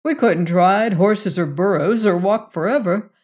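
A woman voicing an earnest, excitable young frontier man in an audiobook, speaking emphatically. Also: mid-range voice, measured pace, lightly acted. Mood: urgent. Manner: emphatic, rising to excited outbursts.

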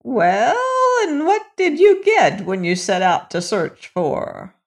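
A reader putting on a high, strained old crone. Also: huge pitch swings, slow pace, full character voice. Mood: instructing. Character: old female forest crone, helpful and mysterious. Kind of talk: storybook reading.

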